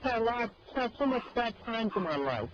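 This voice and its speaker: A man pleading and agitated on an archived call recording, sometimes breaking into shouting. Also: very high-pitched, sing-song, normal speed. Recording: muffled old call recording, faint hiss.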